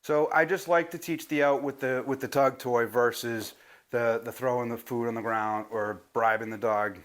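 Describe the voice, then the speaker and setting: A man teaching a puppy commands on video, talking straight to viewers in a casual, chatty way. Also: steady tone. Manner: talks to the viewer and praises the puppy in a high, drawn-out voice. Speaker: dog trainer. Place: training a puppy, moving around.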